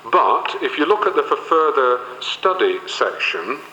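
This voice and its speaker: A man's voice: mid-range voice, very animated, a little slow, pushed and bright, echoey room, long reverb tail, dull audio. A man leading a Bible study, reading verses aloud and explaining them, with occasional fillers. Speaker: Bible teacher.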